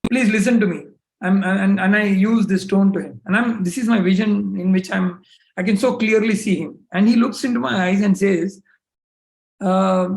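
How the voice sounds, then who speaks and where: A man with an Indian English accent giving a talk, telling a personal story in an animated way and acting out his own quoted words. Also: high-pitched, reverberant, poor audio. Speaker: guest speaker.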